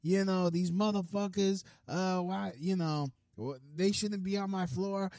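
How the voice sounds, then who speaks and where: A shrill, whining neighbor who curses at everyone, as a man mocks him. His voice climbs far above a normal speaking register and cuts through. The sound is dry and close. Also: steady tone, a little slow, a little mellow, dry recording. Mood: ranting. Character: whiny foul-mouthed adult male neighbor.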